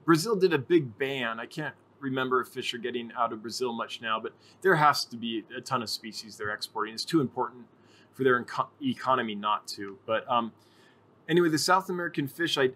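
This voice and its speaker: A man hosts a casual livestream and answers viewer questions from chat. His voice is bright and forward, at a middle pitch for a man, and he rambles along, correcting himself with frequent ums. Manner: chatty, rambling, many ums and self-corrections.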